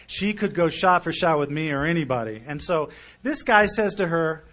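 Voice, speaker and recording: A middle-aged man shares his story before a group, his voice sitting a little high for a man. He talks animatedly, acting out what other people said and dropping from loud bursts to near mutters. The delivery is personal and conversational. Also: lively intonation, normal speed. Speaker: speaker sharing recovery story. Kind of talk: storytelling talk at a recovery meeting.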